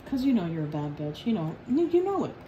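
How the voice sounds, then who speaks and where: A woman giving a casual tarot reading in a blunt, profane, joking way. Her voice sits at a middling pitch for a woman. Faint room noise hums behind her. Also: very animated, fast talker, warm tone, rough recording. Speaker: tarot reader.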